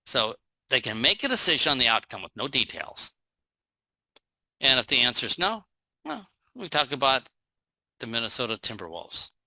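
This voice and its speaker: A man's voice: medium pitch, big pitch swings, normal speed, gravelly, long pauses, pushed and bright, no echo. A man giving a live online sales training talk in a folksy, joking way, acting out little everyday scenes.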